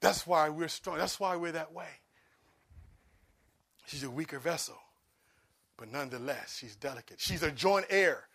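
A man preaching a sermon as pastor, swinging between quiet asides and loud, pleading emphasis. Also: fairly high pitch, normal speed, gravelly, long pauses.

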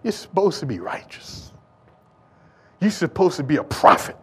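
A man voicing a merciless, self-righteous Pharisee who accuses a woman in a low, quiet, contemptuous tone. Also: sing-song, normal speed, breathy edge, heavily acted. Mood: indignant.

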